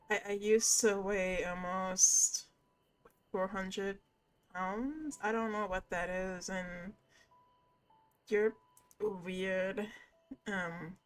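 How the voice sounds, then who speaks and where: A woman's voice: mid-range voice, fairly bright tone. Rambling woman streamer, faint music. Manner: rambling, many fillers and restarts. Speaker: streamer host. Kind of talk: casual live-stream chat.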